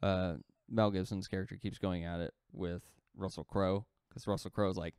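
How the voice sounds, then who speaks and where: A man's voice: low-pitched, flat delivery, normal speed, hardly any pauses, darkish tone, clear, resonant tone, no room sound, studio quality. A man co-hosting a podcast, casually retelling a story in a loose, rambling way full of "like" fillers. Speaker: podcast co-host.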